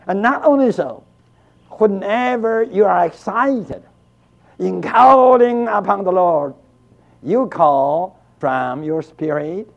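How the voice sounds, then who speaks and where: This is an older man delivering an emotional sermon in a high, gravelly voice. He speaks slowly and deliberately, and his delivery moves from soft, tender tones to loud, heartfelt cries. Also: lo-fi sound. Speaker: preacher.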